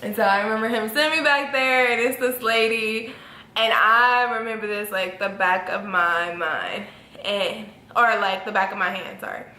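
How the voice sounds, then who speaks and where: Young woman vlogging, super animated storytelling, bright sharp voice, roomy echo. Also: normal speed. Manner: animated, acts out quotes with big pitch jumps. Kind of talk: casual storytelling. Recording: echoey room with faint ambience.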